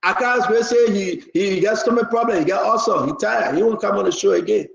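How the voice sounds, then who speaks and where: A man hosting a live political talk show, rambling and repetitive, now and then bursting into shouts. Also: high-pitched, fairly quick, creaky, roomy sound, muffled recording.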